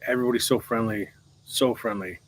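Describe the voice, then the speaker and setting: A man's voice: mid-range voice, steady tone, brisk, poor audio. Laid-back man with a Southern drawl. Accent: mild Southern US mixed with Californian surfer. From American South. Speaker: co-host. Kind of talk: casual live chat.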